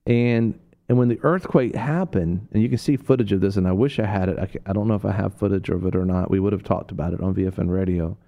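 A man with a low, warm voice preaches on a radio talk show. He tells stories in a loose, rambling way, full of fillers and restarts, and jumps into a high voice to act out the people he quotes. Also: fast talker, hardly any pauses.

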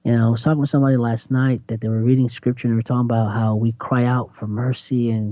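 A man preaching in a conversational sermon, animated and acting out voices with big jumps in pitch. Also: quick pace, few pauses, dry recording. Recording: dull lo-fi sound.

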